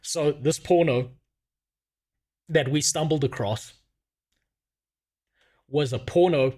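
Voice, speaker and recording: A man's voice: on the high side, takes it slowly. A young man telling a crude comic story at home on a stream, swearing often and laughing as he goes. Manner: profane, laughing, animated.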